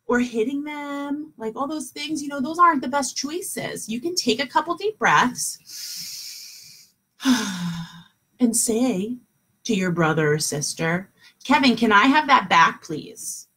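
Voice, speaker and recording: A middle-aged woman teaching kindergartners over a video call at home, with a lively, sing-song teacher voice. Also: high-pitched, takes it slowly, long pauses, breathy edge. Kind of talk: online morning class for young children.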